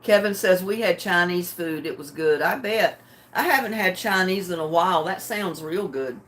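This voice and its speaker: Livestream host, older woman, homey easygoing chatter, relaxed and a bit sleepy. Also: fairly low pitch, normal speed. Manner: chatty, homey, chuckles often. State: drowsy and relaxed. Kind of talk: casual chat with live viewers.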